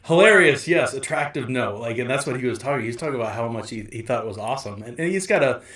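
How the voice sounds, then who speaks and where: A male podcast host tells stories in a loose, rambling way, restarting sentences and laughing often. His voice sits at an ordinary middle pitch. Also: expressive, fast. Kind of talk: casual chat.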